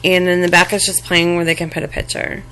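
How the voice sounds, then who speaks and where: A woman with a fairly low voice walks through a homemade craft project for the camera. She talks casually and haltingly, full of ums, restarts and little apologies as she handles her pieces. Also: level tone, bright, forceful tone, clean tone. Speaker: crafting vlogger. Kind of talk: casual show-and-tell craft demo.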